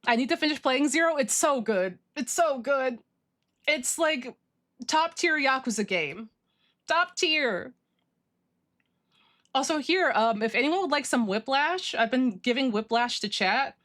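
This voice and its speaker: A woman livestreaming, chatting casually with her viewers, gushing and excitable as she reads chat. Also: sits high, unhurried. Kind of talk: casual stream chat, reading chat.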